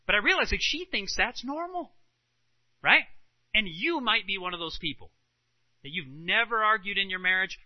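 A man speaking as a Christian health speaker, telling animated personal anecdotes to a live audience and tossing in rhetorical "right?" asides. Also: high-pitched, dry recording, muffled recording. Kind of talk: storytelling talk to a live audience.

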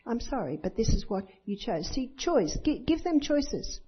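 On a dull lo-fi recording, an older Christian speaker delivers a sermon in a husky, rather high, very animated voice at a moderate pace. She tells personal stories and acts out the voices of children and others.

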